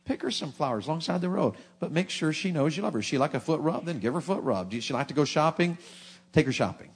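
A middle-aged man, preaching a sermon with folksy, animated humor. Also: on the high side, fast, breathy edge.

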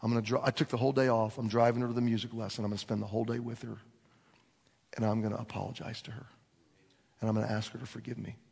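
A man preaching a sermon, telling a story and acting out the dialogue with lively swings in voice. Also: mid-range voice, rapid-fire, creaky, slightly rough. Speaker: pastor. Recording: long reverb of a large hall.

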